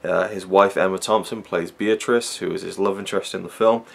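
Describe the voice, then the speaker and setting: A man's voice: low voice, steady tone, fairly quick, vocal fry. A man giving a casual, rambling film review, full of fillers and restarts.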